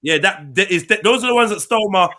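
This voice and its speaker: A man hosting a live stream, telling stories in lively slang and laughing often. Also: sits high, fast talker, a little hiss or hum. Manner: animated storytelling, slangy, laughs a lot. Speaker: stream host. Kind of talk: casual chat on a live stream.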